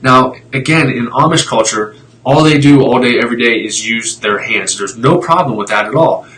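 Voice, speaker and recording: A man's voice: medium pitch, moderate pace, fairly bright tone, low-quality recording. A man talking casually on a live stream, explaining x-rays in a blunt, fired-up way, with tangents and mild swearing. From Italian heritage.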